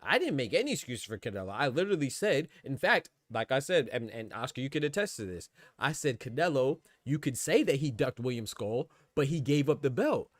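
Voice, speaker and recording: A man's voice: medium pitch, big pitch swings, fairly quick, few pauses, no echo. A man hosting a live boxing podcast, arguing his point in a rambling, insistent way and reading out chat comments. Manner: argumentative, rambling, repeats "man".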